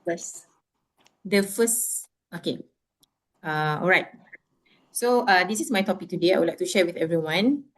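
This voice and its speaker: A woman, a lawyer introducing herself and presenting over a video call, pausing often with fillers and restarts. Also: on the low side, expressive. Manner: hesitant, many fillers and restarts. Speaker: lawyer and law firm founder. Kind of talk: self-introduction and presentation at an online club meeting.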